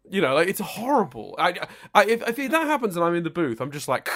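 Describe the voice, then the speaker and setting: Animated man ranting on a podcast. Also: high voice, fast talker, hardly any pauses. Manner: animated, self-mocking, ranting. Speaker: podcast co-host. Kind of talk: casual chat.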